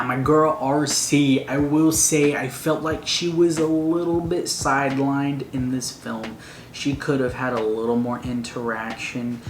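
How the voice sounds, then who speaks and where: A man giving a casual, excitable spoiler review of a movie, gushing like a fan and using slang. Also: mid-range voice. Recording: roomy echo, faint noise.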